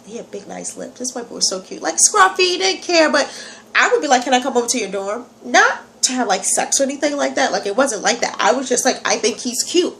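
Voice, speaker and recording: Animated New York woman with a stuffy nose. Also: sits high, gravelly, slight background noise. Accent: slight Southern country accent. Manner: animated, chatty, digresses. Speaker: vlogger. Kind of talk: casual talk to camera. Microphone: phone camera.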